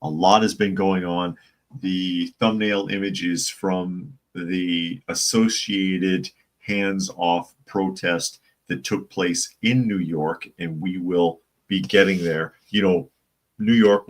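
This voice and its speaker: Brief: man, low deep voice, casual news host, chatty, reads articles aloud and greets the chat.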